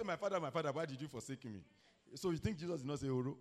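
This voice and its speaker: A middle-aged man preaches in a fairly high voice. He tells a story, throws rhetorical questions at the congregation and bursts into loud, drawn-out cries between quieter stretches. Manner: storytelling with sudden shouted peaks and rhetorical questions. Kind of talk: sermon.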